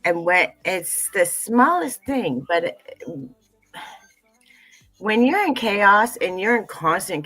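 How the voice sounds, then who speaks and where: A woman's voice: mid-range voice, a bit bright, no echo, poor audio. A middle-aged woman talking earnestly in a livestream conversation, repeating phrases and using many fillers. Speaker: tea business founder, guest.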